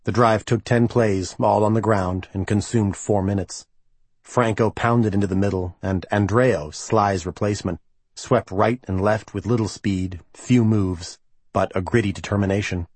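A man narrating a novel as an audiobook reader, in a measured, even storytelling manner. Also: fairly low pitch, breathy edge, no echo. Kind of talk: scripted narration.

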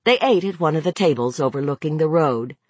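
A woman with a low, husky voice narrates a novel, her pitch moving widely as she dramatizes the story. The recording is dry and close, with no room sound at all. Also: animated, brisk, dry recording. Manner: dramatic, varied delivery. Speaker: audiobook narrator.

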